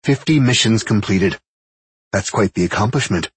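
A man voicing a brisk, commanding senior woman officer in a storybook reading. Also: on the low side, animated, husky, dry recording, voice pushed up.

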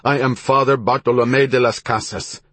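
A man voicing an indignant middle-aged Spanish friar who shouts his demands at soldiers. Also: medium pitch, steady tone, normal speed, dry recording, pitched above the performer's own voice, lightly acted. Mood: outraged.

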